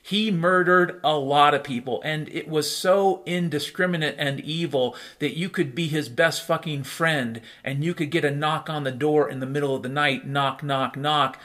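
A man's voice: fairly high pitch, normal speed, hardly any pauses, fairly bright tone. A man hosting a solo commentary show, ranting in a profane, sardonic way. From United States. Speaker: podcast host.

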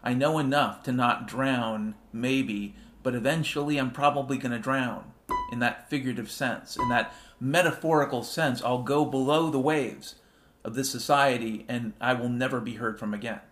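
A man's voice: medium pitch, fairly even intonation, normal speed, a bit bright, soft background music. A man in his fifties hosting a rambling solo monologue, irreverent and profane, sometimes drifting into half-sung refrains. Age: 50s. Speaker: show host.

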